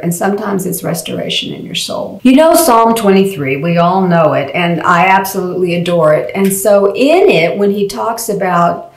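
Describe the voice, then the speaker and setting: A woman sharing a faith testimony as a mission ministry leader, telling it in an earnest, folksy way with many fillers. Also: medium pitch. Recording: roomy echo.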